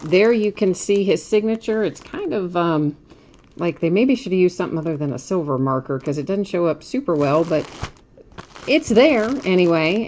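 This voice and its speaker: A woman's voice: on the low side, a little mellow, slight background noise. A woman hosting a live stream, chatting casually and explaining shipping details at length, laughing at herself now and then. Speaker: live stream card break host.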